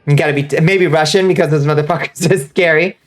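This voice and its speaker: Fast-talking and low-pitched, a woman streams a video game with faint music in the background. Her tone stays steady as she chats casually with viewers, reacts to their messages, and swears freely throughout her gaming commentary.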